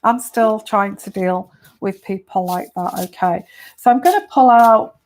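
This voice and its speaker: A woman from the United Kingdom, a tarot reader, talking casually to viewers and giving advice in a slow, hesitant way with many fillers. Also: mid-range voice, background noise.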